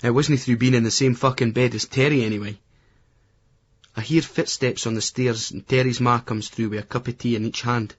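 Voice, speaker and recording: A man's voice: mid-range voice, fairly even intonation, a little fast, slightly rough. A man with a Scottish accent reading a novel aloud in a blunt, crude, conversational first-person voice. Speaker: audiobook narrator. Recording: dull lo-fi audiobook recording.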